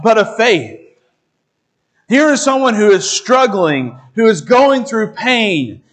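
A man preaching an expository sermon in a measured, deliberate teaching manner, reading scripture aloud. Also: sits high, fairly bright tone.

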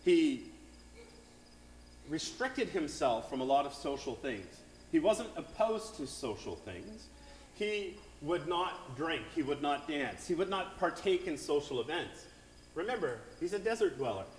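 A man's voice: fairly high pitch, big pitch swings, unhurried, roomy sound, long reverb tail, slight background noise, low-quality recording. A man preaching a sermon as pastor, talking with the congregation in a conversational way and often asking "right?". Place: church sanctuary.

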